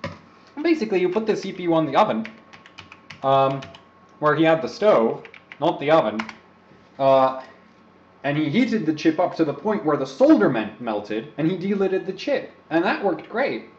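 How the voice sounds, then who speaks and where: A man's voice: a little high, very animated, normal speed, pauses often, slight background noise. A young man rambles through casual livestream commentary, joking at his own expense in a slightly raised voice. The sound is roomy and a little muffled. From Czech Republic. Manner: rambling, joking, self-deprecating. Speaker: overclocking livestream host. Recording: roomy, slightly dull stream audio.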